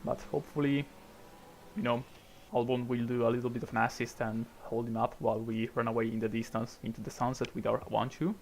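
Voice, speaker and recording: A man's voice: mid-range voice, little pitch movement, fairly quick, darkish tone, slight background noise. A young Italian man with an Italian accent, casually commentating his racing game stream in a chatty, rambling way. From Italy. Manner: chatty, rambling, frequent restarts and little laughs.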